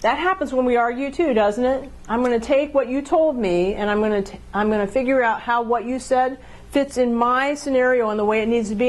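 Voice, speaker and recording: A woman's voice: fairly high pitch, poor audio. A woman giving a conversational talk on how couples communicate, now and then acting out both partners in an argument. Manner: conversational, acts out quick role-play exchanges. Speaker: relationship speaker.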